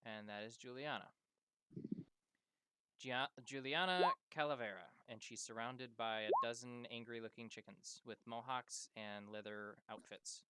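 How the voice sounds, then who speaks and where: Bright-voiced game master. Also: mid-range voice, clean tone. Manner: laughs often, quick instructions. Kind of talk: running a tabletop game over voice chat.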